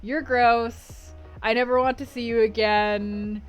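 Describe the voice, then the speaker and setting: A woman's voice: on the high side, fairly even intonation, slow, clean tone, soft background music. A woman voicing a vain, cruel young nobleman in a storybook retelling, harsh and contemptuous. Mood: scornful.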